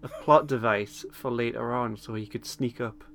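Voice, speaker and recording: A man co-hosting a podcast, recapping an episode in relaxed chat, laughing often and pausing with lots of ums. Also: medium pitch, vocal fry. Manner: chatty, laughs often, hesitant with many ums. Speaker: podcast co-host.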